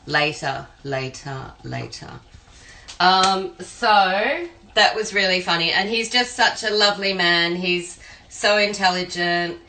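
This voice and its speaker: A rough recording from an echoey room, with a slight hiss or hum, captures an Australian professional cook telling rambling stories as she makes a pie. Her medium-pitched voice is unhurried, pushed and bright, with fairly even intonation throughout this chatty cooking demo.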